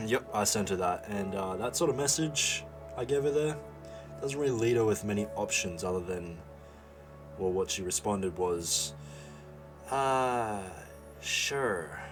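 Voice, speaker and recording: Brief: young male vlogger, low voice, loose profane storytelling, music bed clearly audible. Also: lively intonation, unhurried. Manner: rambling, profane, mock stammering. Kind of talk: casual storytelling monologue. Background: background music.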